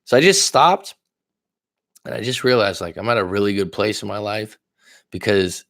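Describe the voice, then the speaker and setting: A man's voice: lowish voice, expressive, normal speed, a bit bright, dry recording, clean studio sound. A man as a dating coach, chatting on a livestream, answering viewer comments and telling candid stories in a blunt way with casual swearing. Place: lives in Thailand.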